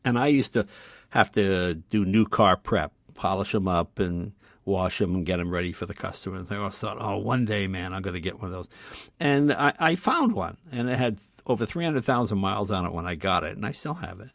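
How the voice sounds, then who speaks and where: An older man, a guest on an interview show, telling casual anecdotes in an animated way. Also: low voice, brisk, vocal fry, dry recording, studio quality. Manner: animated, loud when acting out quotes.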